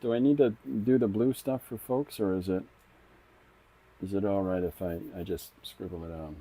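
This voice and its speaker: Middle-aged male comic artist, deep relaxed voice, casual rambling live-stream chatter. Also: normal speed. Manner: rambling, thinks aloud with frequent restarts. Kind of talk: casual live-stream chat while drawing.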